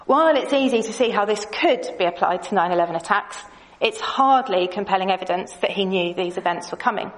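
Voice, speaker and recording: A woman presents a lesson in a measured, explanatory way. Her pitch sits in an ordinary middle range, and she speaks clearly, pausing to point things out on her slides. Now and then she drops in a light aside to her audience. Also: expressive, rough recording. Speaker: Bible teacher.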